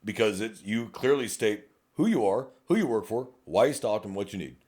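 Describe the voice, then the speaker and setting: A man's voice: on the low side, animated, moderate pace, darkish tone. A middle-aged man with a Texan accent, a police officer co-hosting a casual podcast, talking bluntly with plenty of profanity and acting out exchanges with drivers. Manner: blunt and profane, acts out traffic-stop exchanges.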